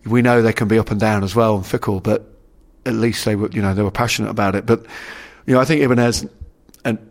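A middle-aged man who used to play rugby speaks as a guest in a casual interview, rambling with lots of restarts and "you know." His voice is fairly low, his intonation fairly even, and his pace quick.

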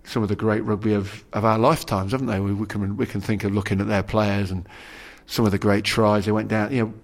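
This middle-aged former rugby player, a guest in a casual interview, talks fast in a fairly low, level tone. His speech meanders, riddled with restarts and "you know."

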